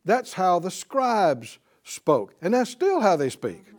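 A man delivers a Bible lesson in a preaching style, his high voice swinging widely in pitch as he stresses key words. He keeps turning to his listeners for a response. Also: big pitch swings, slow pace. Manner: calls out to the audience for responses; emphatic, rising on key words. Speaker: Bible teacher.

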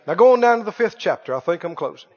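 Male pastor, very high voice, preaches hard and repeats himself; muffled sound, big reverberant sanctuary. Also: expressive, fast. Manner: emphatic, repeating phrases, shouting at peaks. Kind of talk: sermon. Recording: dull lo-fi sound with long hall reverb.

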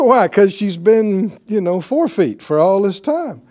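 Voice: mid-range voice, big pitch swings, normal speed, few pauses, dark tone. A Bible teacher giving a broadcast lesson in a conversational way, often asking the audience rhetorical questions and chuckling while telling the story.

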